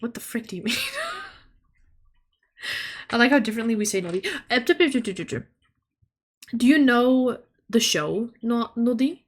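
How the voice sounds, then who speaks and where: A young woman chatting casually on a stream, swearing freely and breaking off to talk to her kitten. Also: medium pitch. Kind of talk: casual chat.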